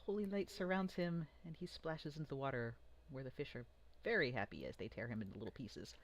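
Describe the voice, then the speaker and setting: A game master narrating a tabletop fantasy game in a playful, animated way. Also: mid-range voice, fairly quick.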